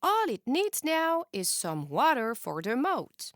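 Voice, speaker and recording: A woman voicing a cheerful young boy who is quick to frustration, bouncing between bright chatter and sharp, shouted protests in a children's storybook reading. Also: high-pitched, huge pitch swings, no echo, clean studio sound, full character voice.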